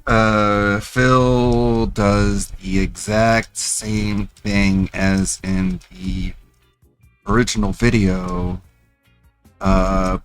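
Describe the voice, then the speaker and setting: A man's voice: on the low side, clean tone, no echo. Laid-back man commentating on a stream.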